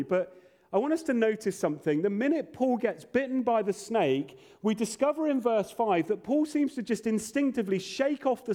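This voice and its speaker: A man's voice: high voice, warm tone. A man preaching a sermon as pastor, earnest with playful asides.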